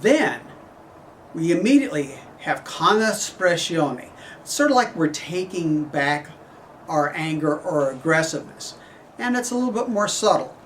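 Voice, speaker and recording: A middle-aged man teaching a horn clinic, explaining phrasing in a measured way and singing passages on syllables. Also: on the high side, big pitch swings, a bit bright, recorded from a distance, a little hiss or hum. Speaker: horn professor giving a clinic. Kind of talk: instructional clinic talk.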